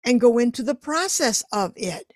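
A woman artist, a podcast guest, telling lively stories and acting out her own inner voice. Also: a little high, normal speed, no room sound. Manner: animated storyteller, acts out her inner voice. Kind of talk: casual interview chat.

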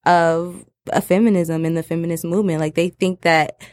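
Lower-voiced young woman, lively storyteller. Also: moderate pace, dry recording, studio quality. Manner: animated storyteller who acts out quotes. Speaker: podcast co-host. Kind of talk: casual chat.

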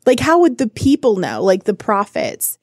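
A woman's voice: mid-range voice, huge pitch swings, normal speed, a little mellow, dry recording, clean studio sound. A woman co-hosting a podcast, reading Bible verses aloud and breaking off into casual, profane asides.

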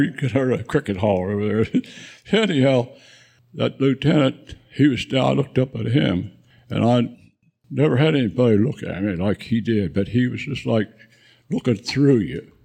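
A man's voice: medium pitch, animated, moderate pace, gravelly, dark tone, husky. A man in his nineties, a veteran guest, telling rambling war memories with frequent chuckles at a live event. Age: 90s. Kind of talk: spoken war memoir.

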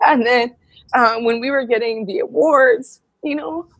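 A woman's voice: on the high side, measured pace, fairly bright tone, husky, no echo. A woman in her thirties telling personal stories in a casual interview, emotional and full of fillers and laughter. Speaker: guest, wrestler.

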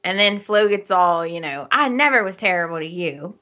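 A woman co-hosting a podcast, retelling a soap opera's plot at length in an animated, casual way. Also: lowish voice, moderate pace. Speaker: podcast co-host.

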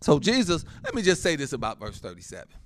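A man preaching as a pastor, animated and laughing often, with frequent amens. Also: fairly high pitch, fast, a little hiss or hum. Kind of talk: sermon.

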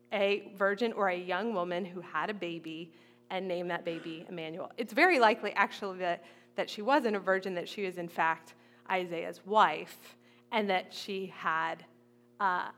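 A woman's voice: mid-range voice, a bit bright. A woman preaching a conversational sermon, retelling a Bible story casually and playing out its figures in everyday speech.

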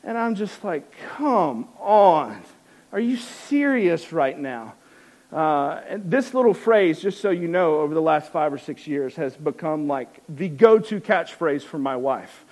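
A man's voice: a little high, normal speed, few pauses, darkish tone. A man telling a wry, self-mocking personal story to an audience, with many restarts.

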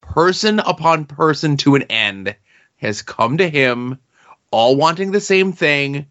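A man co-hosting a podcast, discussing a comic book issue in a measured, analytical way. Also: on the high side, animated, fairly bright tone, lo-fi sound. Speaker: podcast co-host.

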